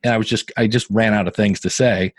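Dry recording, lowish voice, a slightly quick delivery: a fifties-aged podcaster and guitarist from Northeast Ohio spins stories in an easygoing interview. He's talkative and acts out what other people said.

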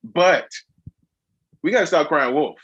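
A man with a husky, slightly raised voice talks on a casual podcast. He makes emphatic, sarcastic points in a free-flowing way. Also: on the high side, lively intonation, unhurried, fairly bright tone, highs cut off.

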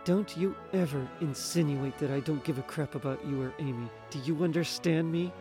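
A man's voice: a little high, fairly quick, over music, lightly acted. A man doing a weary, stern mother.

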